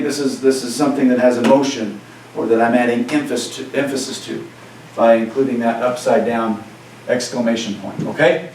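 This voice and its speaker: A male teacher lectures in a plain, conversational way, often asking "right?" to check on his class. His voice sits at an average pitch and carries a heavy room echo. He sounds far from the mic, with faint ambient noise behind him. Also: darkish tone. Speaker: Spanish teacher. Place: classroom, recorded for cameras.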